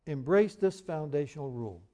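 A man preaching a sermon, earnest and emphatic, who reads scripture aloud in a measured cadence. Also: on the high side, lively intonation, warm tone. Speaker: pastor.

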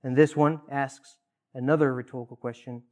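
Male preacher, mid pitch, earnest sermon delivery with emphatic repetitions. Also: steady tone, muffled recording. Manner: earnest, rises in emphasis on key points with pauses and repeated phrases.

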